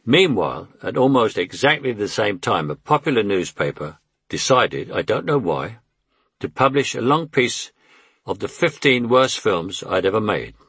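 A man's voice: on the low side, sing-song, normal speed, fairly bright tone, husky, no echo. A man in his eighties with a London Cockney accent, reading his memoir in a wry, conversational way. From England. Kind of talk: audiobook memoir narration.

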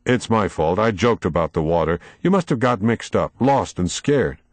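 A man's voice: lowish voice, expressive, normal speed, no room sound. A man voicing an earnest, anxious young boy in a storybook reading, raising his voice eagerly. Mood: apologetic.

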